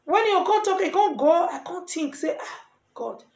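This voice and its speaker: A middle-aged woman with a Nigerian Pidgin English accent, earnestly giving lively advice in a casual vlog. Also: very high-pitched, moderate pace, vocal fry. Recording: echoey room.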